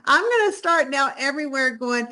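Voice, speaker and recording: A woman's voice: high-pitched, expressive, normal speed, sharp tone. A woman in her fifties from North Carolina with a Southern accent, speaking as an effusive guest on an online call. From Charlotte, North Carolina. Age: 50s. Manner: effusive and exclamatory. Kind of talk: casual online presentation.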